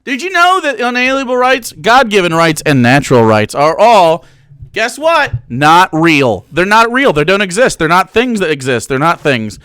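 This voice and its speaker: Animated, bright-voiced ranting man. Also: sits high, moderate pace, smooth. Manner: profane, exasperated, laughing mid-rant. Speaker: streamer. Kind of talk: ranting reaction stream.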